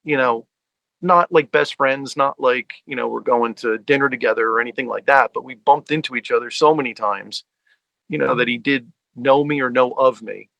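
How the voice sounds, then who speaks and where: Gravelly chatty man telling stories. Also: mid-range voice, normal speed, fairly bright tone, no echo, dull audio. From tri-state area, US. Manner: chatty storyteller, many fillers. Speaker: guest, fan and collector. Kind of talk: casual sit-down conversation.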